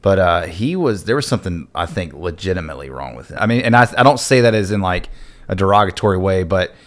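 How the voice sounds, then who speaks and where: A man in his thirties with a notably low voice speaks as a guest in a relaxed conversation. He talks haltingly, with frequent fillers and restarts. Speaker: podcast guest, Navy veteran. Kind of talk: casual conversation.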